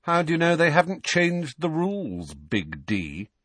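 A man's voice: on the high side, very animated, a little slow, a bit bright, no room sound, pitched above the performer's own voice, exaggerated voice. A man doing a sarcastic teenage boy. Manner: mocking, sarcastic. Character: defiant teenage boy, sharp-tongued and mocking.

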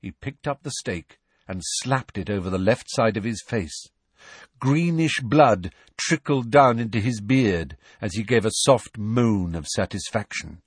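A man narrating a story with expressive storytelling. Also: lowish voice, unhurried, husky, dry recording. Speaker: audiobook narrator. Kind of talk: scripted narration.

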